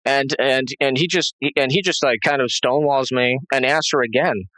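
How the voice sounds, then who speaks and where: A man's voice: mid-range voice, normal speed, pushed and bright, no room sound, rough recording. A man being interviewed, telling a tense personal story in a rambling way, with many restarts and fillers. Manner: tense, agitated retelling. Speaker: interview guest.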